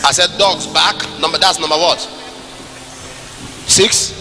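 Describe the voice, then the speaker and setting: A man with a Nigerian English accent preaching a sermon at a church service, moving between quiet asides and shouted, sing-song passages. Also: on the high side, steady tone, measured pace, long reverb tail, over music. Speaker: pastor.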